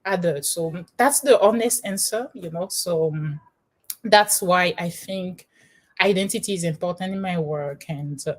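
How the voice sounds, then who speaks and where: A woman from Benin, a panel guest sharing her own story in a discussion, talking in an animated way with frequent laughs and restarts. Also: fairly low pitch.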